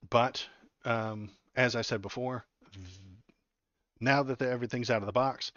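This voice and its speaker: A man's voice: medium pitch, steady tone, moderate pace, fairly bright tone, no echo. A male political live streamer giving casual, rambling, sarcastic commentary into a desk mic while wearing headphones. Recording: dull dry home stream audio.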